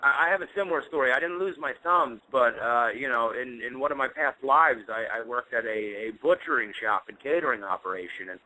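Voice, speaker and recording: On a casual podcast chat, a male co-host rambles through long stories with lots of fillers, his mid-range voice sharp and brisk with few pauses. The audio is poor, an internet radio call carrying faint noise.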